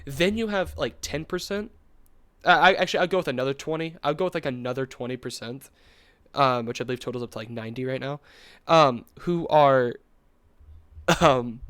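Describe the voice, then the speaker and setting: Animated young man telling a story. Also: mid-range voice, no room sound. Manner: animated, rambling, full of fillers and laughs. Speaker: podcast co-host. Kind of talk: casual storytelling chat.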